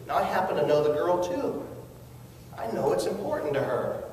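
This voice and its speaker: A man's voice: on the high side, big pitch swings, moderate pace, darkish tone, a little hiss or hum. A man giving a motivational network marketing talk, earnest and coaxing, asking his audience questions. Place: large hall with an audience. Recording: echoey hall recorded from far off.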